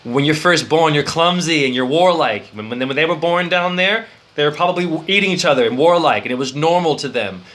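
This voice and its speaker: Male spiritual teacher, rambling and profane, bright sharp voice pitched a bit high. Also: lively intonation, brisk, hardly any pauses. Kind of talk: improvised esoteric lecture.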